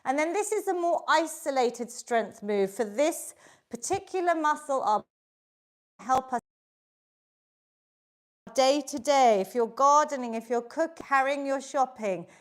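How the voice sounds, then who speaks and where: High-voiced upbeat woman fitness instructor. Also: animated, unhurried, pauses often. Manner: upbeat, encouraging, counting reps aloud while exercising. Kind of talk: live online exercise class.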